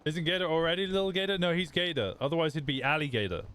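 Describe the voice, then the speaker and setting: A man's voice: a little high, fast talker, a bit bright, clear, resonant tone. A man chatting casually in character during a role-play stream, rambling through a story with restarts. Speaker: streamer playing a wanted character.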